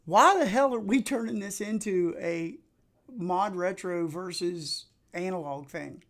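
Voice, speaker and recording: Appalachian guy, middle-aged, rambling excited chat on a gaming stream. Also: high-pitched, measured pace. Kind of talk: casual live-stream chat while gaming.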